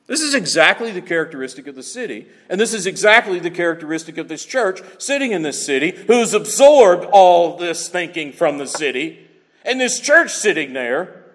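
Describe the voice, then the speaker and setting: A man's voice: high-pitched, very animated, normal speed, long reverb tail. A man preaching a sermon as pastor, emphatic and repeating key words for effect.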